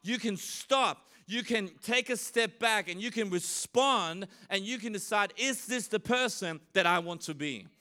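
A high-pitched man delivers a sermon with energy and humor. He slips in playful voices for the people he quotes. His tone is bright and his delivery is smooth and clear. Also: animated, unhurried, few pauses. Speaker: pastor. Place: church.

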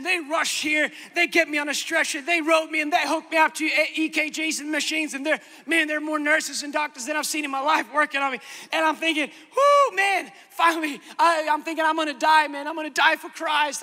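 A male preacher tells a funny story about himself in an animated, dramatic way. His voice sits very high and sounds strikingly bright and sharp. It rings out with the long reverb of a big hall. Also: brisk. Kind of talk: sermon with comic storytelling.

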